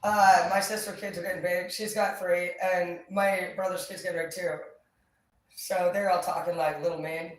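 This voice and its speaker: A woman vlogger chats casually and upbeat, swearing freely. Her voice is fairly low with little pitch movement at a moderate pace, and the recording is echoey with a distant mic and faint ambient noise.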